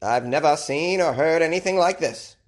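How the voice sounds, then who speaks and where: A man's voice: a little high, moderate pace, pitched above the performer's own voice, lightly acted. A man voicing a middle-aged male police lieutenant with a put-on Maine accent, in a mock-serious tone.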